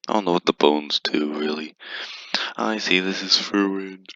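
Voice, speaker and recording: A man's voice: rumbling low, normal speed, sharp tone, dry recording. A man giving playful, teasing gameplay commentary, giggling and humming to himself as he plays. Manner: teasing, giggly, mutters and hums while playing. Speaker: gaming video creator. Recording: dull lo-fi, dry.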